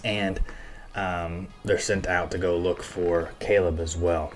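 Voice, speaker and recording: Male recap host, deep voice, relaxed rambling delivery with swearing, soft music underneath. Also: takes it slowly. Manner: loose and chatty, heavy on fillers, casual swearing. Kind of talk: casual episode breakdown.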